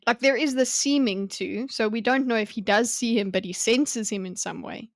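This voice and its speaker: A woman's voice: fairly high pitch, moderate pace, dry recording, studio quality. A woman co-hosting a book club podcast, musing tentatively, hedging and circling back as she thinks. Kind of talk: casual book discussion.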